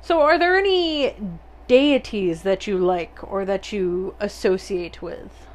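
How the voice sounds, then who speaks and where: A woman's voice: medium pitch, slow pace. A woman co-hosting a podcast, chatting playfully, laughing a lot and swearing casually. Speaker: podcast co-host.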